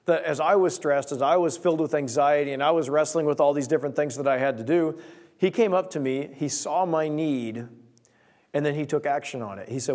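A man's voice: on the high side, a little fast, a little mellow. A young man preaching a sermon, earnest, reading scripture and telling a personal story.

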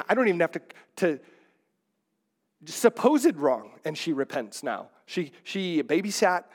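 A middle-aged man, a pastor, preaching a sermon in a conversational, digressive way with many restarts. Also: medium pitch.

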